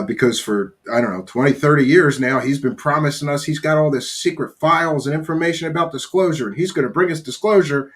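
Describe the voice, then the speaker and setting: A man with a slightly hoarse voice from a cold, hosting a casual spoken review, opinionated and blunt, with many pauses and fillers. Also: medium pitch, a bit bright. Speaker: show host reviewing a documentary.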